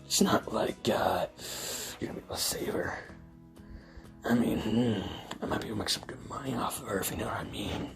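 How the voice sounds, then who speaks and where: A man voicing a cruel, mocking young male villain in a low, hissing half-whisper. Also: unhurried, gravelly, pauses often, over music. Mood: menacing.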